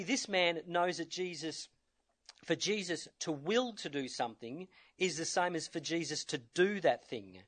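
A man preaching a sermon in an earnest, measured way, his voice sitting a little above the usual male range. He drives his points home by repeating key words and pauses now and then to restart a phrase. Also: on the high side, fairly bright tone. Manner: earnest, measured, with emphatic repetition.

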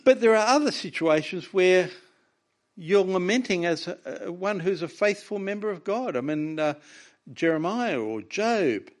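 Lively male preacher. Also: high voice, moderate pace. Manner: impassioned, reads scripture with raw emotion. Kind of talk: sermon.

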